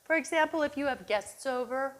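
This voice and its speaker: A woman dog trainer talks through a demonstration a little fast, calm and encouraging. She praises the dog softly in a low voice, and now and then calls him in a high, excited tone.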